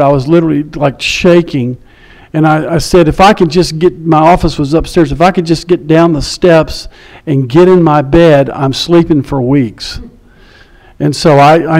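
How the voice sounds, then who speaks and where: Higher-voiced man preaching a story. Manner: conversational storytelling, drops to a hush for quiet moments. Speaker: pastor. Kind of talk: sermon with personal story.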